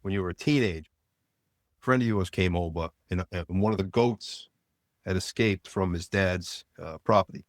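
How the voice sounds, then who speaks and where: A man hosting a casual interview, relaxed and prompting his guest with questions. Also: sits low, moderate pace, dry recording, studio quality. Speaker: host.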